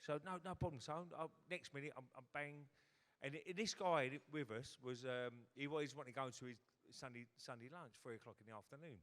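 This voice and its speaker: A man's voice: a little high, moderate pace. A man, telling a swearing anecdote on stage in a hotel ballroom and acting out other people's lines. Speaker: guest former footballer. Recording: long reverb of a big hall.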